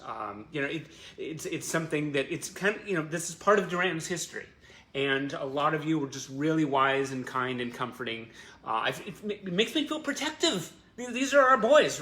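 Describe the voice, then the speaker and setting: Bright, effusive man hosting a livestream. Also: a little high. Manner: emotional, effusive, many fillers and restarts. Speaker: host of a fan livestream. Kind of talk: casual heartfelt chat to viewers.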